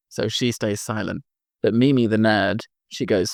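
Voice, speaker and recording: A father narrating an improvised bedtime story in a playful, animated way. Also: fairly low pitch, normal speed, vocal fry, no echo, studio quality.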